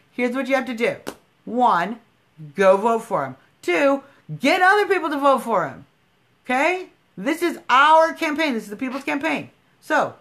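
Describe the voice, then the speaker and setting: A woman's voice: a little high, a bit bright. A woman hosting a political livestream, talking bluntly and emphatically, scolding her viewers and swearing freely. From United States. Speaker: livestream host.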